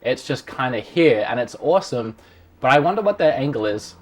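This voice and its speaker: A man's voice: medium pitch, brisk. A man hosting a casual gaming news chat, steering the talk with questions. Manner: relaxed, leads the discussion with questions. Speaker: show host.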